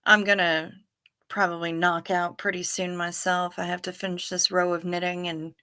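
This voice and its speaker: A woman's voice: fairly low pitch, flat delivery, moderate pace, bright, forceful tone, smooth. A middle-aged woman, hosting a late-night livestream, tired and yawning as she chats casually with viewers and reads their comments. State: sleepy. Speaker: livestream host.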